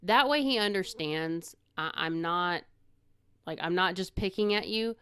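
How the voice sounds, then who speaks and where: Female co-host, smooth lower voice, dry close mic, measured explainer. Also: fairly bright tone, dry recording. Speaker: podcast co-host with her husband. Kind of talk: casual chat.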